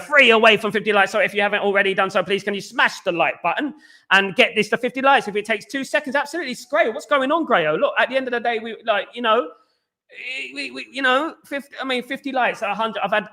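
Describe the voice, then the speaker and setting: Fast-talking fan stream host. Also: male voice, high voice, bright, forceful tone. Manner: very fast-talking, reads out viewer comments. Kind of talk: casual live stream chat.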